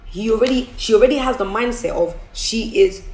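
A woman's voice: a little high, brisk, a little mellow, slight background noise. Rousing woman on a phone livestream. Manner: emphatic, rousing, repetitive. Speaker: businesswoman livestreaming. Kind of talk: motivational livestream chat. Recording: echoey room, faint music behind.

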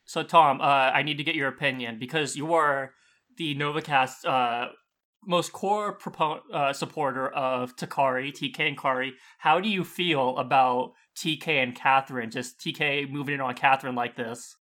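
Bright-voiced joking man. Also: mid-range voice. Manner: joking, quick quips. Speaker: podcast co-host. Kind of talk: casual chat.

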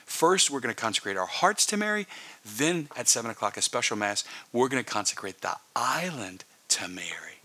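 A male pastor preaching earnestly in a conversational way, dropping into hushed whispers for emphasis. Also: mid-range voice, big pitch swings, moderate pace. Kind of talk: sermon.

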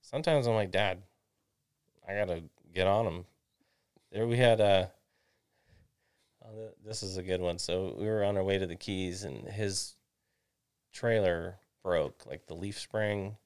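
A man, a realtor guest, telling casual animated stories and swearing freely. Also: low-pitched, a little slow, clear, resonant tone. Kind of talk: casual storytelling chat.

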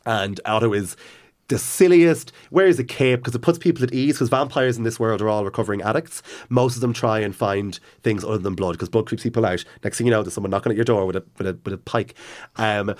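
A man in casual chat, enthusiastically retelling a novel's story with lots of restarts and asides. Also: on the low side. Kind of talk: casual chat about books.

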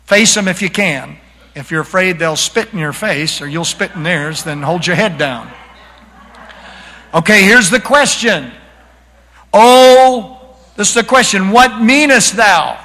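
A man preaching a sermon to a congregation, slowing down and building to dramatic shouts. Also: sits high, animated, in a large hall. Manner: dramatic, slows and rises to shouting. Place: church sanctuary.

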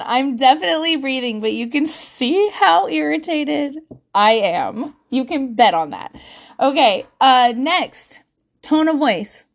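A woman's voice: sits high, lively intonation, takes it slowly, creaky. A woman in her thirties, chatting casually to camera as a parenting vlogger, self-mocking and laughing often.

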